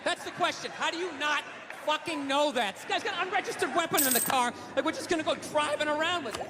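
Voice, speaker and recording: Over a loud crowd, a man with a very high-pitched voice rattles through a fast stand-up set. He swears constantly and rants, voicing both sides of heated arguments.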